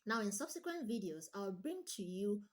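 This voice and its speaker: Very animated and medium-pitched, this woman teaches online with emphasis, deliberately repeating her points to underline them.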